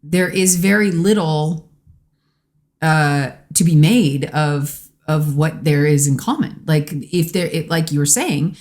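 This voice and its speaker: Woman guest, low voice, earnest reflective delivery. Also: slow pace. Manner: earnest, reflective, quotes people in lively bursts. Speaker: podcast guest, host's wife. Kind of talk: casual conversation.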